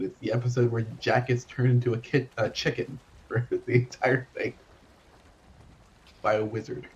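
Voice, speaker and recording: A man's voice: mid-range voice, little pitch movement, normal speed, lo-fi sound. A man co-hosting a casual gaming stream, chatting and telling stories in an easy, loose way. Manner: chatty, nostalgic storytelling. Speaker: stream co-host.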